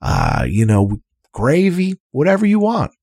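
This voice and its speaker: A man's voice: fairly high pitch, wildly swooping pitch, measured pace, vocal fry, darkish tone, no room sound, clean studio sound, voice pushed up, exaggerated voice. A man voicing a jovial, large human innkeeper who welcomes guests with folksy sayings. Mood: eager. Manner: friendly, hospitable, folksy sayings.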